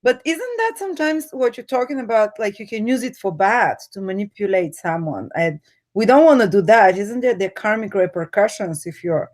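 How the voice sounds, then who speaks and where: A woman in a casual chat who laughs often and asks teasing, lively questions. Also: medium pitch, normal speed.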